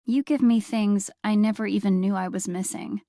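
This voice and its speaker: A woman reading a first-person novel aloud with wry, expressive storytelling. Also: mid-range voice, normal speed, no room sound, studio quality. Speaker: audiobook narrator. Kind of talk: first-person audiobook narration.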